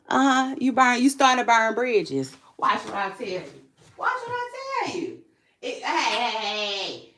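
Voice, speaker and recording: A sassy, animated woman talks straight to her camera for her own channel. She says her punchlines twice for emphasis and calls out to her viewers. Her voice sits at a middle pitch for a woman. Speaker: vlog host. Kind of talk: casual celebrity gossip chat. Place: indoors, in front of a camera. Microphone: camera mic.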